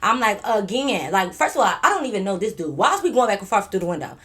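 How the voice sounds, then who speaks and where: A woman vlogger, telling a story in casual chat, animated and profane, acting out what others said. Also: medium pitch, fast. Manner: animated retelling with quoted voices, slangy and profane.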